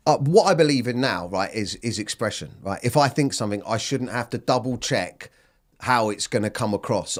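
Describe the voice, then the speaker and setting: A man in his thirties, a comedian, talking bluntly in an interview, swearing freely and often restarting his sentences. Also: fairly low pitch. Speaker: comedian guest. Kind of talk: candid interview talk.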